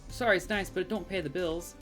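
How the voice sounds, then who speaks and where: A sassy, blunt photographer with a Southern US drawl, as a woman streamer puts her on, fussing in a fairly low voice. She scolds in a brash way, and faint music plays behind her. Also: fast, a bit bright, natural voice. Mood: scolding.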